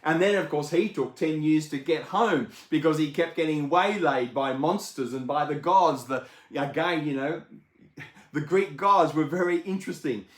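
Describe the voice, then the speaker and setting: Chatty, eager man with a higher voice. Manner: enthusiastic, chatty, many asides. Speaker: book channel host. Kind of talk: casual explanatory book talk.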